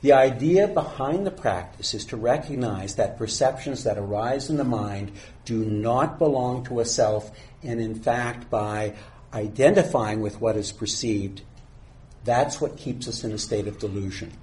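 A man calmly giving a dharma talk as a meditation teacher, speaking unhurriedly. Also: mid-range voice. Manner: calm, unhurried, reads a teaching poem slowly.

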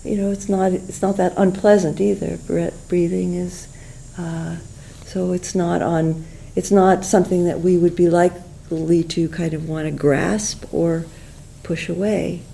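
Middle-aged woman teacher, slightly low and creaky, easygoing guided talk with fillers. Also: steady tone, slight background noise, low-quality recording. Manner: gentle, unhurried, many fillers and restarts. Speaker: meditation teacher.

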